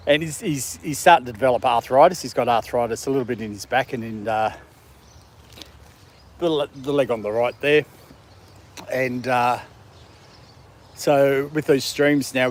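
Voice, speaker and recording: Laid-back Australian man, mid-range voice, chatting easily outdoors with faint background noise. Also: medium pitch. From Australia, country town. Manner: relaxed, rambling, chuckles often, coos at his dog. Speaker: dog livestream host. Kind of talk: casual outdoor livestream chat. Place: outdoors in a city park in the evening.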